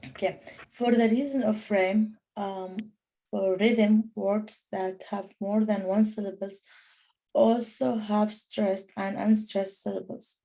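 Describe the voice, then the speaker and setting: A woman learning English, reading a lesson text aloud quietly and carefully. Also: mid-range voice, steady tone, slow, gravelly. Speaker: language student.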